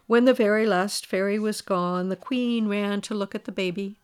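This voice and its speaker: A woman reading a fairy tale aloud, lively and expressive. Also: medium pitch, moderate pace, clear, resonant tone. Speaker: storyteller.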